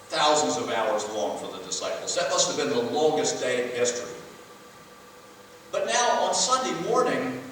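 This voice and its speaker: A man's voice: on the high side, a bit bright, a little hiss or hum. A man preaching a sermon as pastor, conversational, and his voice rises for emphasis. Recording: echoey church hall from far off.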